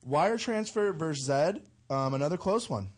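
A man's voice: on the high side, lively intonation, moderate pace. A man co-hosting a podcast in easygoing casual chat, reading out poll results with many fillers. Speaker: podcast co-host.

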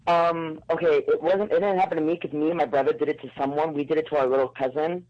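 A man's voice: on the high side, fairly even intonation, fast talker, muffled recording. A man calling in to tell a crude, casual story. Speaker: caller. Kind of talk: call-in storytelling.

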